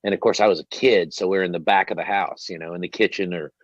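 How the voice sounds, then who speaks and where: A man hosting an interview, telling a long story in a rambling, animated way and swearing freely. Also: sits low, fast, no room sound. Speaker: host. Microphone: headset. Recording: dull lo-fi dry sound.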